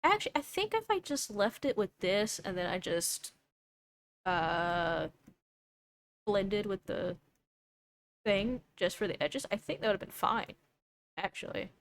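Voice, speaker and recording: A woman's voice: medium pitch, big pitch swings, unhurried, pauses often. A young woman streamer chatting casually while she draws, thinking aloud and doubting herself as she goes. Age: young adult.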